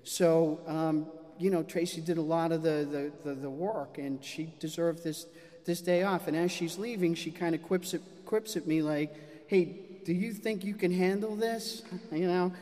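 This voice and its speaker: High-voiced man telling a story. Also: moderate pace. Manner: animated, self-mocking. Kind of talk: live storytelling. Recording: long hall reverb.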